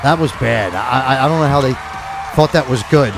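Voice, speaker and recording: A man's voice: medium pitch, moderate pace, vocal fry. A man hosting a casual radio show, rambling through music news with stammered restarts and frequent laughs.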